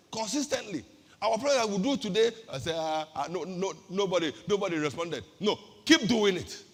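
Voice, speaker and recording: A woman's voice: medium pitch, husky, long reverb tail. A woman pastor with a Nigerian accent giving an emphatic sermon-style talk, firing off rhetorical questions and repeating her key phrases.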